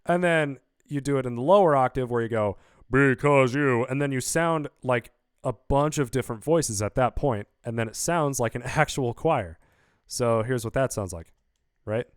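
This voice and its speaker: Man, musician walking through his own track, chatty and upbeat with fillers, smooth voice on a close dry mic. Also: mid-range voice, dry recording. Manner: rambling, upbeat, lots of fillers. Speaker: musician explaining his song. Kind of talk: casual video breakdown. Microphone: studio vocal mic.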